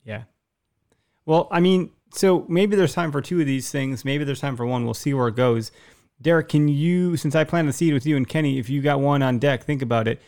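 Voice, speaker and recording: A male podcast host with blunt, salty, fired-up opinions. His voice sits a little high and has a gravelly, fry-laden edge. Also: normal speed, darkish tone. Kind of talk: casual chat.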